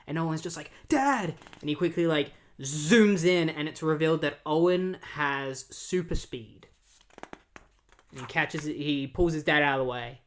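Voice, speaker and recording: A man's voice: on the high side, steady tone, moderate pace. Casual man recapping comics, full of fillers. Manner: filler-heavy, loose recap. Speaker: comic book reviewer. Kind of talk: casual retelling of a comic story.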